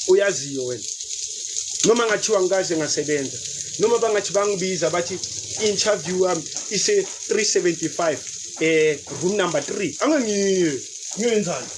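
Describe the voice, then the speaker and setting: A South African man giving casual, animated commentary, switching between languages with loud outbursts. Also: high-pitched, background noise.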